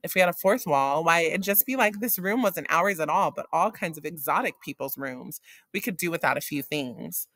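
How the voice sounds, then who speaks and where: A man's voice: fairly high pitch, expressive, normal speed, fairly bright tone, no room sound. A man voicing a restless, insistent wife during a novel read-aloud. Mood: pleading. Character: restless wife wanting a new TV wall.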